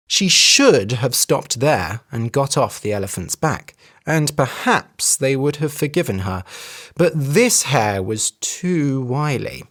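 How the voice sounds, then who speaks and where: A teacher reading a children's story for English learners in a clear, expressive voice. The telling rises and falls in a lively way, at a middle pitch.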